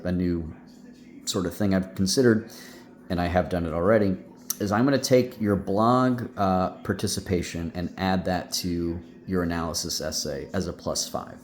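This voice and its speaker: A man's voice: deep voice, darkish tone. A male teacher giving a recorded class lecture, rambling with many fillers and restarts. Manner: hums out rhythms with "ba ba".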